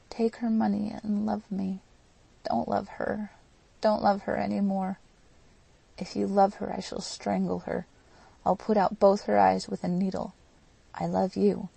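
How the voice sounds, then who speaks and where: A woman's voice: mid-range voice, flat delivery, unhurried, vocal fry, warm tone, husky, full character voice, low-quality recording. A woman voicing an impassioned young woman in an audiobook, pleading and emotional. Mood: fervent.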